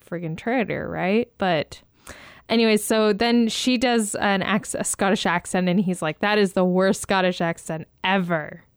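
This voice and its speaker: A woman's voice: medium pitch, unhurried, clear, resonant tone, dry recording, clean studio sound. A woman co-hosting a casual TV recap chat, talking in a chatty, hesitant way with plenty of fillers. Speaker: podcast co-host.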